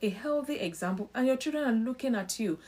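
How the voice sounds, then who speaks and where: A woman hosting a live-stream marriage talk, animated and acting out the voices of family members. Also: a little high, fast. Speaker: host.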